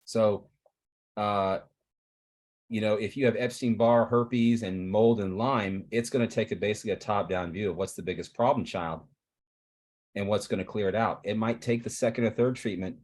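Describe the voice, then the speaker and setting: A man's voice: lowish voice, darkish tone. A man on a video call explaining a therapy in an earnest, rambling way, with frequent restarts.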